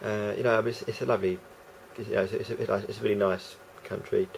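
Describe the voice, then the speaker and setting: Rambling, gravelly man vlogging. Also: on the low side, fairly even intonation, fast, a little hiss or hum. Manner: hesitant, full of restarts and fillers. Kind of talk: rambling casual monologue.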